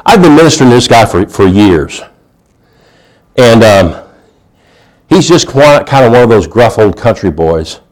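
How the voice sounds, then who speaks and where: A male pastor preaching a sermon in a folksy storytelling manner. He swings between loud emphasis and hushed asides and often restarts his sentences. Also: medium pitch, big pitch swings, unhurried, long pauses.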